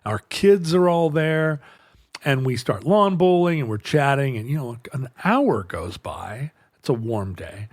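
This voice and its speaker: A man's voice: medium pitch, animated, a little slow, no echo. Rambling male storyteller, very dry sound. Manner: rambling, self-interrupting anecdote with quoted dialogue. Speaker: podcast host. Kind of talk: storytelling in casual chat.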